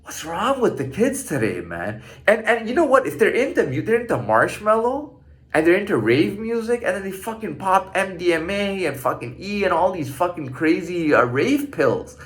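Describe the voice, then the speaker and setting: A man's voice: sits high, expressive, moderate pace. A man in his thirties ranting in a casual monologue, profane and stammering through restarts. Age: 30s.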